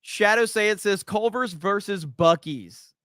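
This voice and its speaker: A man's voice: sits high, slow, bright, forceful tone, smooth, no echo, clean studio sound. A man hosting a casual livestream, reading out viewer comments and ranting in a profane, mock-outraged way. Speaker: livestream host.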